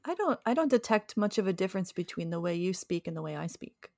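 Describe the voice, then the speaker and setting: A woman's voice: fairly low pitch, animated, quick pace, a little mellow, dry recording, studio quality. A woman with a southern New Jersey accent, co-hosting a casual podcast chat in an easygoing, giggly way. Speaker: podcast co-host.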